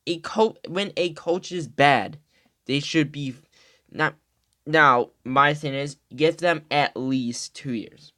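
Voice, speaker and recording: A man's voice: on the high side, slow, bright, forceful tone, no echo, studio quality. A man hosting a podcast, ranting casually and heatedly about football, profane and rambling. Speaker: podcast host.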